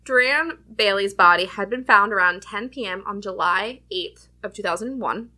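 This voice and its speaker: Bright-voiced woman podcast co-host. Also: mid-range voice, moderate pace. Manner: laughs often, swears casually. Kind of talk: casual chat.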